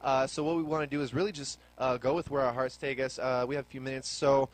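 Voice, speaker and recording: A man's voice: mid-range voice, level tone, fast talker. A male radio host chats casually with his guest and teases him playfully. He speaks loosely, with many ums and uhs. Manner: playful teasing, laid-back with many fillers. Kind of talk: casual talk radio hosting.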